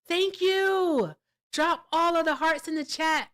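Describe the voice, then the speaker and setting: A woman from Virginia hosting a casual livestream, animated and gushing as she thanks viewers, jumping between loud excitement and quiet asides. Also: very high-pitched, takes it slowly. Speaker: livestream host.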